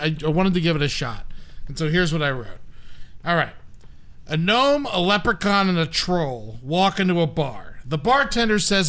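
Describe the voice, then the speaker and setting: Male podcast host, high animated voice, casual profane joker. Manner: jokey, swears freely, laughs often. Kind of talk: casual comedy podcast chat.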